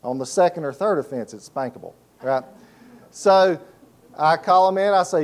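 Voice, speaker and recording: On the high side and at a moderate pace, a middle-aged man's voice carries a sermon. As a pastor, he spins folksy, laugh-filled stories and invites the congregation to supply missing words.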